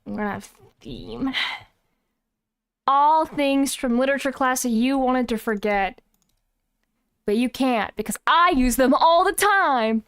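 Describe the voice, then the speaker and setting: High-voiced playful woman streamer. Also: expressive, measured pace, long pauses, fairly bright tone, clear, resonant tone, dry recording, clean studio sound. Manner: playful, teasing, self-mocking. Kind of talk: casual livestream chat.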